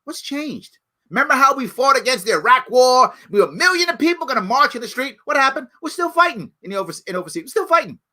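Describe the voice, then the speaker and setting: A middle-aged man giving impassioned solo commentary as a talk show host, emphatic and preachy, dropping from outrage to low pleading. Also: big pitch swings, fast talker. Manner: emphatic and preachy, jumps from loud outrage to low hushed pleas.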